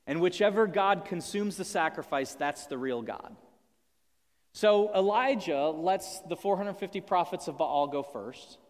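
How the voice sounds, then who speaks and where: A man preaching a sermon, telling the story in a lively way with humorous asides. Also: sits high, measured pace. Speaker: pastor. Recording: long hall reverb.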